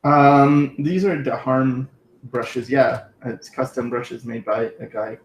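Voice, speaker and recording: A man's voice: medium pitch, steady tone, slow pace. A man hosting a casual livestream, easygoing, with short replies and frequent laughs. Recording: roomy mic with faint hiss.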